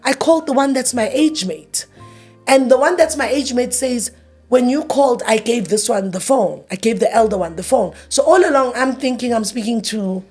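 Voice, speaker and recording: A woman's voice: on the high side, normal speed, darkish tone, husky, faint music behind. A grieving woman in her thirties tells her story in an interview, emotional and repeating herself as she acts out past arguments in quoted dialogue. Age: 30s. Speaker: interview guest.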